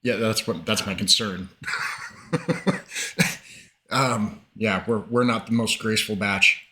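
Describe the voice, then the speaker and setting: A man playing a tabletop game, agreeing quickly and suggesting plans in a casual way. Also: on the low side, pushed and bright. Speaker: player. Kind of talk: casual tabletop planning talk.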